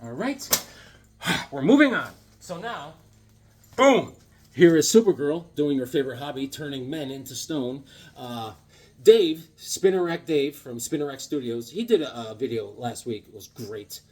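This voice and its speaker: Talking a little slowly, a man who vlogs about comics rambles happily through his collection and throws in jokes. His voice is a little high, with lively intonation.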